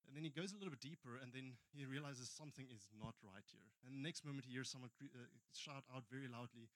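A South African man preaching in church, telling a story earnestly and often restarting his phrases. His pitch sits mid-range, and the sound is dry and close. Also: fast, hardly any pauses, a bit bright, no echo. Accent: South African English. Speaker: pastor. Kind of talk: sermon.

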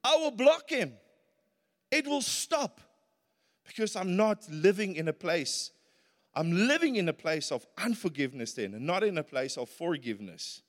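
South african preacher guy, high voice, gets emphatic, big echoey church sound. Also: very animated, moderate pace. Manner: earnest, rises to emphatic peaks. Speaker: pastor. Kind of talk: sermon. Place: church hall. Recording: reverberant church hall.

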